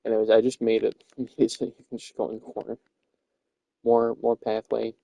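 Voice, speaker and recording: A man's voice: mid-range voice, flat delivery, normal speed, creaky, warm tone, dry recording. A young man giving a rambling, playful tour of a Minecraft build, often correcting himself as he goes. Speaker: Minecraft server tour guide. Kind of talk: casual gameplay commentary. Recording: dull, dry home recording.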